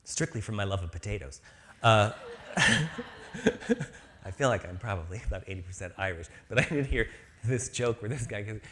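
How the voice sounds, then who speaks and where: A man's voice: fairly low pitch, moderate pace, pauses often, fairly bright tone. A man giving an inspirational spiritual talk to a live audience, joking and acting out small voices. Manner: playful, jokey, acts out little voices. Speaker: spiritual speaker.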